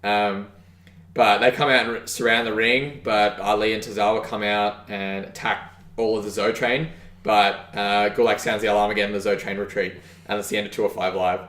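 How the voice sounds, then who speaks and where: A man's voice: lowish voice, level tone, moderate pace, a bit bright, roomy sound. A man co-hosting a podcast, rambling through a casual wrestling recap with lots of fillers and real enthusiasm. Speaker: podcast co-host.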